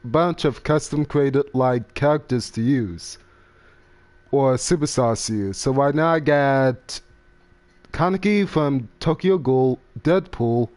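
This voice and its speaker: Young male host, casual game chat, unhurried and meandering. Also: medium pitch, a little mellow. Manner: slow, rambling, trails off while browsing menus. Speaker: gaming channel host. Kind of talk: casual gaming podcast chat.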